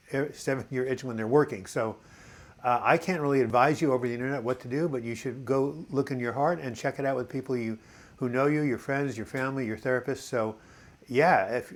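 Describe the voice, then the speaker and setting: A man hosting a casual live video chat, reading out viewers' comments and answering them in a rambling, encouraging way. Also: medium pitch. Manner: chatty and rambling, reads viewer comments aloud; encouraging, addresses viewers as boys and girls.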